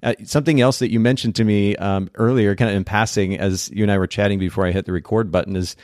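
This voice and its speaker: A man's voice: fairly low pitch, steady tone, fast, darkish tone, dry recording, studio quality. A man hosting a podcast interview, chatting in a friendly way with frequent restarts. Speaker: podcast host.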